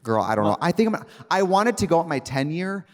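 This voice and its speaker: A man's voice: fairly high pitch, big pitch swings, fairly quick. A middle-aged man from the United States, co-hosting a comedy show with brash, self-mocking, crude banter. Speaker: podcast co-host. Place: live stage show. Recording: reverberant live venue.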